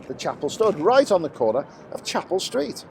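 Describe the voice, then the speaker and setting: A man's voice: sits high, very animated, moderate pace, gravelly, noisy background. Polite man guiding a city tour. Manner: polite, patient, informative. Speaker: tour guide. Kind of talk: comedy sketch acting. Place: outdoors on a city street.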